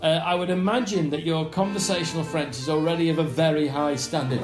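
A middle-aged man co-hosts a casual podcast, playful and teasing. His voice sits fairly high and rings in an echoey room. Faint music plays underneath. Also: normal speed, few pauses. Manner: joking, breaks into mock French and put-on voices. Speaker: podcast co-host. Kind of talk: casual chat, reading listener suggestions.

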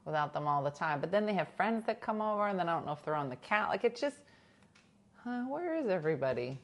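A chatty woman hosts a casual livestream from home, spinning stories and reading viewers' comments. Her somewhat low voice swings widely in pitch as she acts out what others said. She laughs often between lines. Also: sing-song, quick pace. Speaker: livestream host reading chat. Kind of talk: casual chat. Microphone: new desk mic.

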